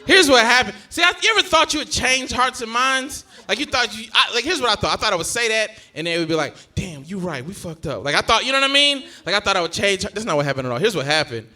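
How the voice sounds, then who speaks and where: A young man doing stand-up comedy, telling stories in an animated way and shouting his punchlines. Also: high-pitched, fast, hardly any pauses. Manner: animated storytelling with loud punchlines.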